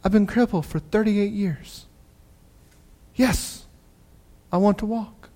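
Brief: man doing an incredulous crippled man, hushed and eager. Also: high voice, slow. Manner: disbelieving, eager.

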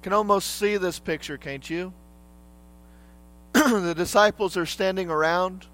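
Guy preaching a sermon, high voice, chatty, keeps asking the crowd stuff. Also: slow pace, a bit bright. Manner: conversational, asks the listeners questions.

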